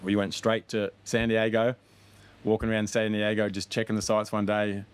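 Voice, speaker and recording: A man's voice: on the low side, monotone, clear, resonant tone. A middle-aged man, chatting upbeat as a podcast guest, with lots of fillers. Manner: quick, upbeat, frequent fillers like 'you know'. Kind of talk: casual interview chat.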